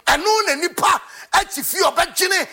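A man's voice: very high voice, measured pace, sharp tone, shouting. A man hosting a football talk show, ranting with passion and sometimes half-singing his lines. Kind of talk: impassioned commentary.

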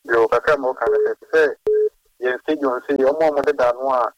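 Caller on the phone line, stop-start talk, dry close sound. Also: male voice, medium pitch, steady tone, dry recording. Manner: halting, repetitive. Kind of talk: phone-in call.

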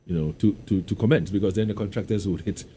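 A man presenting on radio, chatting casually about the day's news and reading sponsor notes, with a relaxed manner and lots of "you know". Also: low-pitched, fast talker, slight background noise. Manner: relaxed, filler-heavy with frequent "you know". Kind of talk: casual studio discussion.

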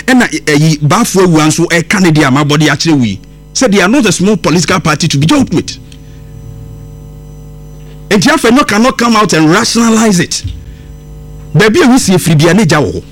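A Ghanaian-accented man hosts a radio show, delivering impassioned commentary that switches between English and Twi. His voice sits high.

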